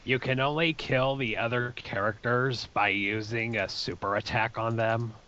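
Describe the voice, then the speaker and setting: A man's voice: mid-range voice, steady tone, normal speed, sharp tone. A man co-hosting a casual gaming podcast, speaking in a matter-of-fact way. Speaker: podcast co-host. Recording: dull lo-fi with faint hiss.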